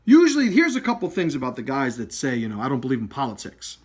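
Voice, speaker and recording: Animated, profane martial arts instructor. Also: male voice, medium pitch, fast, husky. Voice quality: emphatic, swears freely. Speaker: martial arts school owner. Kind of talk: blunt, profane direct-to-camera rant. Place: live video stream.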